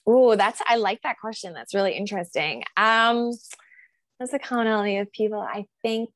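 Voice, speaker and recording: A woman's voice: mid-range voice, moderate pace, a bit bright, no room sound. A woman guest on a podcast interview, talking in a rambling, reflective way with many fillers. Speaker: guest, body acceptance coach.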